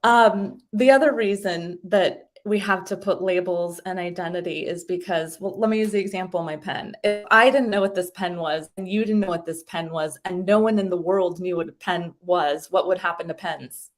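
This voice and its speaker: A woman talking as a guest, explaining ideas in a casual, animated way and acting out little voices as she goes. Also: lowish voice, normal speed, hardly any pauses. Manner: animated, acts out little voices in her stories. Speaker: guest speaker explaining identity.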